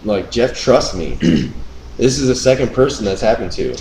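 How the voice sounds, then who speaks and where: A man's voice: mid-range voice, normal speed. Profane young man ranting in an echoey room. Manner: profane, animated storytelling rant. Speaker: podcast host. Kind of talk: casual chat. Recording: echoey room, faint noise.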